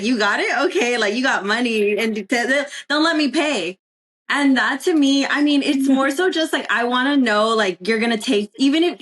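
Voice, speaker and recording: A woman's voice: fairly high pitch, a bit bright. Chatty woman guest. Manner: chatty, lots of filler words. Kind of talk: casual chat.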